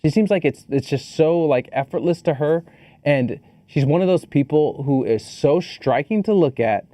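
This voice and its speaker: A man's voice: a little high, normal speed, dry recording. Laid-back male podcast co-host. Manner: animated, joking, swears casually. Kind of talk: casual movie review chat.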